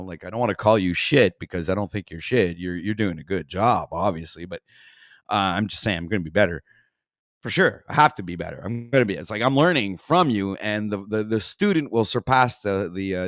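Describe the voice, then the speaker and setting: On a talk stream, a man with a voice on the low side reacts to a video through meandering, foul-mouthed commentary. He curses constantly, rants, and drifts off with fillers, and the audio is clean studio sound with no echo.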